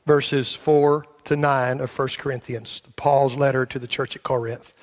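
A man's voice: mid-range voice, little pitch movement, unhurried. A man preaching a sermon to his church, rambling and self-deprecating, then rising to emphatic calls for a response. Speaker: pastor. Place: church sanctuary.

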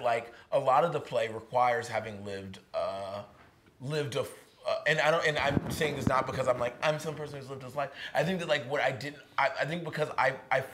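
Fast-talking young man, lots of "like". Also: mid-range voice, a little hiss or hum. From Virginia, USA. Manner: fast, animated, heavy use of "like", acts out quoted voices. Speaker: playwright, interview guest. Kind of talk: casual onstage conversation. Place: historic barn, live event.

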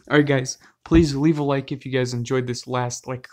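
Excitable gamer swearing at a horror game. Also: mid-range voice, normal speed, hardly any pauses. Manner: excitable, loud outbursts, frequent swearing; talks straight to viewers. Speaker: gaming channel host. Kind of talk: let's play commentary.

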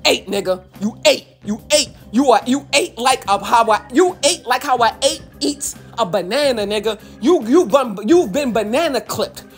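A pumped-up woman from Baltimore rants straight to camera, her pitch sitting a little high and swinging widely. She curses freely and hammers the same phrases over and over for emphasis. Faint music plays underneath. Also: moderate pace, hardly any pauses, husky. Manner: animated, profane, repeats phrases for emphasis. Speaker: YouTube commentator and rapper. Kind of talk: hyped reaction rant to camera.

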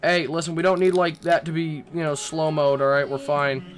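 A man's voice: on the high side, little pitch movement, normal speed, noisy background. A young man playing a horror game and commenting, nervous and rambling, swearing and talking back to the characters. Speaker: gaming YouTuber.

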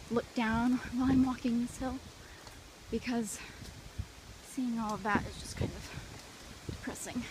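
A woman chatting casually in a vlog, telling stories with lots of fillers while filming at home and on a walk. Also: fairly high pitch. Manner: chatty, animated storytelling with fillers. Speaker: vlogger on an exchange stay. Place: home indoors and walking outdoors. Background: wind noise outdoors.

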